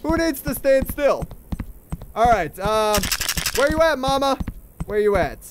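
High-voiced sarcastic young gaming host. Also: male voice, sing-song, a little slow, background noise. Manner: sarcastic, jittery play-by-play. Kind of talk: let's play commentary.

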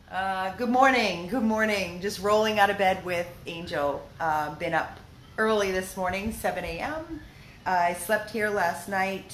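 A woman's voice: medium pitch, measured pace, fairly bright tone. A woman who runs a dog rescue, giving a heartfelt, chatty video update from the rescue house on her phone, with lots of fillers. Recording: echoey room with faint noise.

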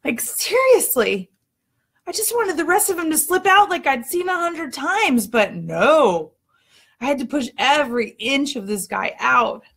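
A woman in her thirties telling a personal story in a candid, expressive way, acting out her own outbursts. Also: high-pitched, a little slow, vocal fry.

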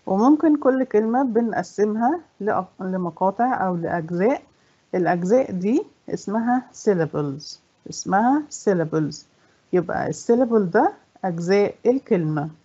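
A woman English teacher with an Egyptian accent, a native Egyptian Arabic speaker, explaining a lesson in Arabic and reading the English questions slowly. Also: mid-range voice, expressive, mellow, slightly rough. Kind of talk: bilingual classroom explanation. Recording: dull lo-fi recording.

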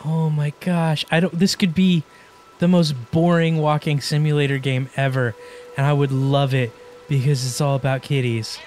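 A woman giving excited let's play commentary, gushing and giggling with lots of delighted exclamations. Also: low-pitched, moderate pace, soft background music, rough recording. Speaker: gaming YouTuber.

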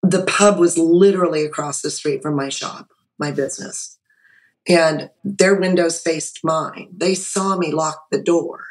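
A woman's voice: deep voice, unhurried, low-quality recording. A middle-aged woman, a guest on a video call, telling her own story with feeling and acting out her own past words. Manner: animated, emotional, acts out her own quotes. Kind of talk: casual storytelling.

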